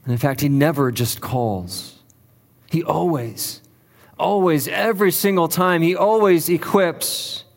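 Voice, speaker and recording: A man preaching from the pulpit, his voice sitting a little higher than most men's. He presses his points through repetition and steady emphasis, and the words ring out with a long reverb behind them. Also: a little slow, vocal fry. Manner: earnest, emphatic preaching with repeated phrases. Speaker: pastor. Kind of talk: sermon.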